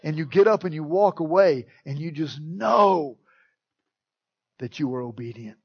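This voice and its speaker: High-voiced preacher in a dry, dull recording. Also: male voice, unhurried, vocal fry, breathy edge, no echo. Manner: animated, acts out quoted voices, jokes with the congregation. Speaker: pastor. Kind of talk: sermon.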